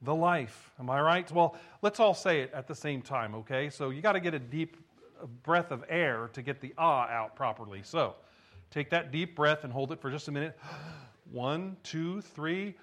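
A man's voice: fairly high pitch, normal speed, a bit bright. A man preaching a sermon, reading scripture with emphasis and then talking to the congregation in a conversational way, often repeating words as he goes. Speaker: pastor.

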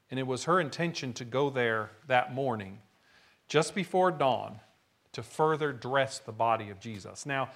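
A man's voice: on the high side, a bit bright. A man preaching a sermon, retelling a story dramatically and acting out the quotes. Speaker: pastor.

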